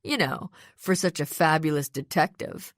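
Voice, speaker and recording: A woman's voice: deep voice, normal speed, dry recording, clean studio sound, natural voice. A woman voicing a smug young male villain in an audiobook, speaking sarcastically and mockingly. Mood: sneering. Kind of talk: audiobook character voice.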